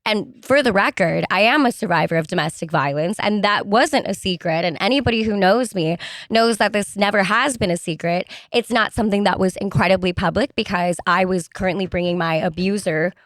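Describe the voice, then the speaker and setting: A woman's voice: mid-range voice, brisk, dry recording. A woman being interviewed as a guest on a political podcast, speaking firmly and emphatically. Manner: firm and emphatic.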